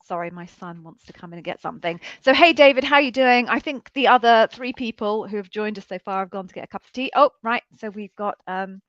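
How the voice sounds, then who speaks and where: A chatty woman hosting a live online session, her voice sitting at an ordinary middle pitch. She talks in a loose, self-deprecating way and laughs easily. The sound is dry and a little dull, like lo-fi stream audio. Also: fairly quick, few pauses, a bit bright, no echo. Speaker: co-host of live interview coaching stream. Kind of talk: casual live-stream chat.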